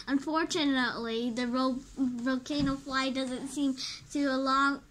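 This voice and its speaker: A woman reading a children's graphic novel aloud, expressive and a little halting. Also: high voice. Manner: slow, expressive read-aloud with small restarts. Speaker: storybook reader.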